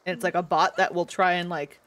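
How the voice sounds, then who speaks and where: A woman's voice: fairly low pitch, little pitch movement, brisk, fairly bright tone. A woman in her twenties chatting casually as she streams a game, giggly and rambling, with many restarts. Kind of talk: casual gameplay commentary.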